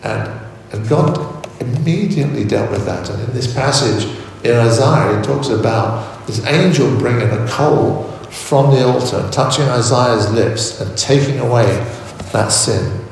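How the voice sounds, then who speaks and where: A man preaching a sermon in a measured way, often repeating words as he searches for the next phrase. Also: medium pitch, vocal fry, a little hiss or hum. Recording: echoey hall, voice from far off.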